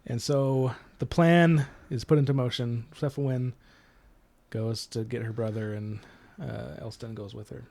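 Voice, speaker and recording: A man's voice: mid-range voice, steady tone, measured pace, vocal fry, a little mellow, no room sound. A man co-hosting a casual book discussion podcast, laughing often and acting out characters' lines. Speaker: podcast co-host.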